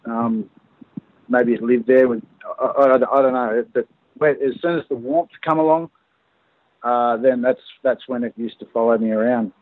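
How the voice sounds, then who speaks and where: A man's voice: medium pitch, moderate pace, dry recording. Australian man on a tinny phone line. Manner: hesitant, many fillers and restarts. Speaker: guest recounting an encounter. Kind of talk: casual phone interview storytelling. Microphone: phone call.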